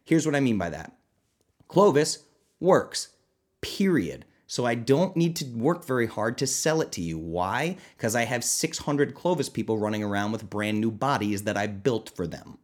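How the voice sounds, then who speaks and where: A man hosting his own podcast as a nutrition coach, talking casually and animatedly, often jumping into high, excited mock voices. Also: moderate pace. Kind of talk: casual solo podcast talk.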